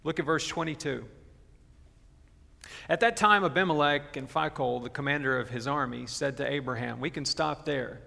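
A man preaching a sermon as pastor, earnest and slowing down to stress his key points. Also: mid-range voice, vocal fry, sharp tone. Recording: long reverb of a large hall.

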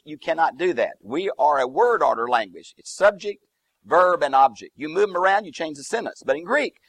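A man's voice: fairly high pitch, dry recording. A man teaching through a Bible passage verse by verse, explaining Greek and Hebrew terms with emphatic lists. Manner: lively, swooping emphasis on key words.

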